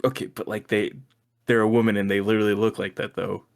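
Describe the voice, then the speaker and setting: A man's voice: fairly low pitch, level tone, fast, creaky. A young man co-hosting a podcast in casual chat. He laughs often and swears freely. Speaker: podcast co-host.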